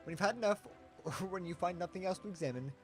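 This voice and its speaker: A man's voice: high-pitched, fast talker, soft background music. A man hosting a let's play, reading and joking along in a playful way. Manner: playful and giggly. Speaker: gaming channel host.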